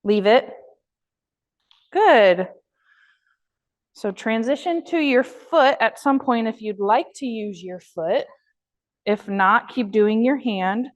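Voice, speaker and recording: A woman dog trainer leading an online class, explaining steps and praising her dog in a high, happy voice between instructions. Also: takes it slowly, long pauses.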